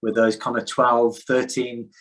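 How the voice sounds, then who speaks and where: A man's voice: mid-range voice, flat delivery, a little slow, fairly bright tone, low-quality recording. Candid, rambling man. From United Kingdom. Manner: candid, rambling, frequent restarts and swearing. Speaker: podcast guest. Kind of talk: casual conversation. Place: outdoors in the sun.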